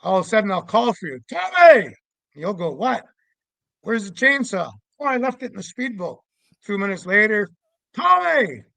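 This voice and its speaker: Middle-aged male storyteller, gravelly, lively, acts out the shouting, dry recording. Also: sits high, fairly quick, dry recording, rough recording. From Canada. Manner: animated, acts out voices with loud shouts. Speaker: guest storyteller, Sasquatch investigator. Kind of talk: casual storytelling.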